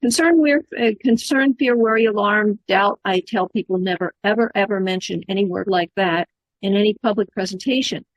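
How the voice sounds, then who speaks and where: A woman's voice: medium pitch, brisk, no room sound, lo-fi sound. Experienced female adviser on a group call, firm and instructive, dry sound. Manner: confident, instructive. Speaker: community advocacy adviser. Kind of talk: casual group discussion.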